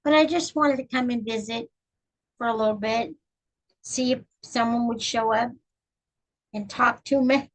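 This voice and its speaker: A woman's voice: fairly high pitch, steady tone, measured pace, long pauses, rough recording. A middle-aged woman from Texas hosting a casual live stream, chatting with viewers and counting stitches aloud as she crochets. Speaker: channel host reading books.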